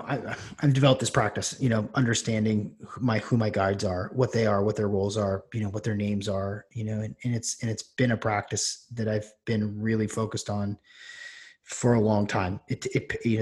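Low-pitched man, podcast host, rambling storyteller, lots of restarts. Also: a little mellow. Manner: rambling, many restarts and fillers. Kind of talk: casual storytelling.

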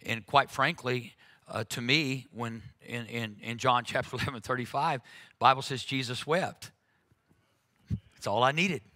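A man's voice: mid-range voice, measured pace, bright, forceful tone. A man preaching a conversational sermon, talking earnestly and frankly, with frequent "uh"s and restarts.

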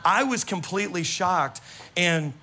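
A man preaching as a pastor, telling stories to his congregation in an animated, exclamatory way. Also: high-pitched, unhurried, faint music behind. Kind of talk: sermon with storytelling. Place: church service.

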